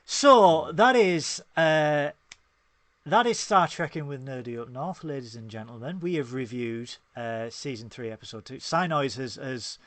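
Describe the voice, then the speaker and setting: A man's voice: mid-range voice, unhurried, fairly bright tone, no room sound. A man with a Northern English accent co-hosting a casual podcast, joking and plugging links and channels. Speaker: podcast co-host. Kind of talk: casual chat.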